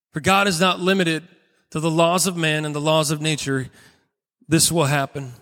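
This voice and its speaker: A male pastor delivers a sermon in a high, bright voice, telling stories earnestly and pausing for weight. His words ring out with a long reverb, as in a large church hall. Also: fairly even intonation. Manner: earnest storytelling with dramatic pauses.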